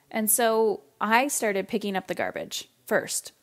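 A middle-aged woman from Canada hosting a parenting podcast, telling a story in a casual, animated way and acting out her family's lines. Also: on the high side, brisk, hardly any pauses. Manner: animated, acts out family voices, casual swearing.

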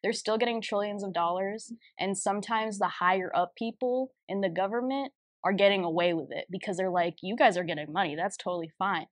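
A young woman in her twenties co-hosting a podcast, telling stories in an animated way with lots of fillers and restarts. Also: mid-range voice, brisk, dry recording. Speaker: podcast co-host. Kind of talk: casual chat.

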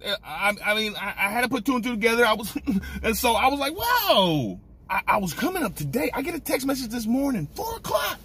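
A young man hosting a casual snack review vlog, ranting in an excitable, animated way. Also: very high-pitched, a little fast, slight background noise.

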